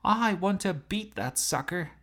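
A man voicing a bold, competitive young woman who talks eagerly, in a higher, gravelly voice. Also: very animated, moderate pace, full character voice. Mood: excited.

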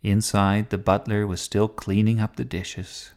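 A man hosting and reading a children's story, in a gentle, expressive way. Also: on the low side, unhurried. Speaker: storyteller and podcast host.

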